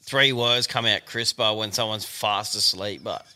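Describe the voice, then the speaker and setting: Very bright man telling a yarn. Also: fairly low pitch, a little slow. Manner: animated storyteller, swears a lot. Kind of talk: casual chat.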